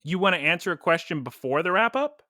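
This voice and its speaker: A man's voice: on the high side, animated, fast talker, pushed and bright, no echo, studio quality. A young man co-hosting a podcast, chatting casually and rambling through stories with frequent laughs. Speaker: podcast co-host. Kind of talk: casual chat.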